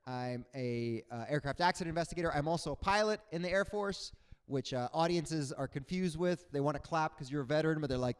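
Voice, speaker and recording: A young adult man performing a stand-up comedy set, animated, jumping into loud high voices for the people in his stories. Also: a little fast, smooth. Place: comedy stage before a live audience.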